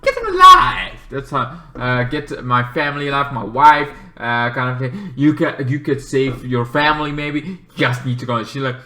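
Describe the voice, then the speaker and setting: A man's voice: fairly even intonation, moderate pace, few pauses, reverberant. A man giving a casual, rambling movie review, swearing and often acting out the characters. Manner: rambling, swears, acts out characters in shrill yells.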